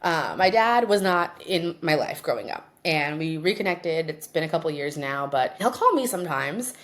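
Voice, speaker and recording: A young woman co-hosting a chatty podcast, telling stories in an animated way. Her voice sits somewhat low for a woman, and she acts out what each person said. The talk is casual and loose. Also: normal speed. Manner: animated storytelling, acts out both sides of conversations. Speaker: podcast co-host. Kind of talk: casual chat.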